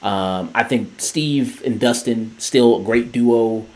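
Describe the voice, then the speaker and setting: A man's voice: mid-range voice, takes it slowly, darkish tone. A man co-hosting a podcast, reviewing a TV show in casual chat, rambling with many fillers and restarts. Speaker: podcast co-host.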